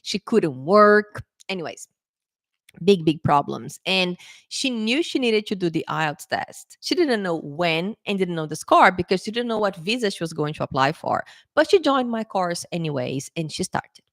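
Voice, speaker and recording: Woman English tutor, casual storytelling to camera, animated, lowish voice, dry close sound. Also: normal speed, dry recording. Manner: chatty, animated, laughs often, acts out quotes. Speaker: English teacher.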